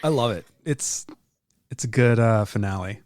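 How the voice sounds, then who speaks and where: A man's voice: fairly low pitch, moderate pace, a little mellow, no echo, clean studio sound. A man co-hosting a casual book-discussion podcast, giving laid-back, jokey asides and short agreeing replies. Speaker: podcast co-host.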